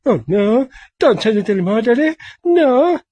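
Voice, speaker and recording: A man's voice: very high voice, very animated, moderate pace, mellow, highs cut off, voice pushed up, heavily acted. A man voicing a little fish son who pleads with his angry father in a plaintive sing-song. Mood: whiny. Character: whiny little fish son, easily hurt.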